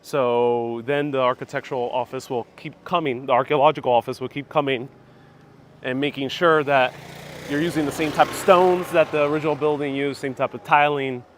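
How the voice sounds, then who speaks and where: A man's voice: mid-range voice, a bit bright, slight background noise. Male tour host, native Spanish speaker, chatty outdoor livestream on a phone with a clip-on mic. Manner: casual, reads viewer comments aloud, self-correcting. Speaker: travel vlog host. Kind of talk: live-stream walking tour commentary. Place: outdoors in old town streets. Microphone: phone on gimbal with clip-on mic.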